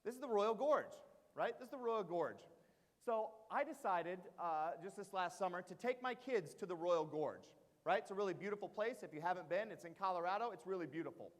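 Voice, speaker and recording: High-voiced man telling a story in a hall. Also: a little fast. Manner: animated, frequent "uh" fillers, asks the audience questions. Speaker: keynote speaker at teacher training. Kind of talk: storytelling presentation. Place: large hall before an audience. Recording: long hall reverb.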